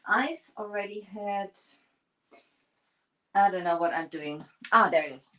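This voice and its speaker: A woman's voice: mid-range voice, unhurried, pauses often, a bit bright, slight background noise, low-quality recording. A woman hosting a livestream, chatting casually and rambling with many fillers while she paints furniture.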